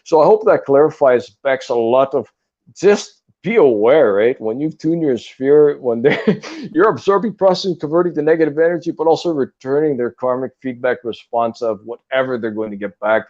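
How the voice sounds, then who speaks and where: A man's voice: medium pitch, brisk, darkish tone, lo-fi sound. Earnest man lecturing on energy. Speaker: guest on a spiritual talk stream. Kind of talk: casual spiritual talk.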